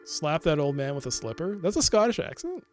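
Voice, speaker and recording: A man's voice: a little high, sing-song, a little fast, soft background music. A man casually commenting and joking while streaming an adventure game. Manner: playful, joking. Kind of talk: live let's play commentary.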